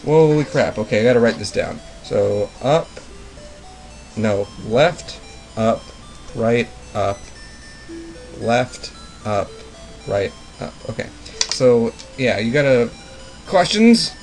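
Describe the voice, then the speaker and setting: A man's voice: mid-range voice, animated, slow, pauses often, darkish tone, low-quality recording. A man hosting a let's play, rambling through casual commentary with playful puns and jokes. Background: game music.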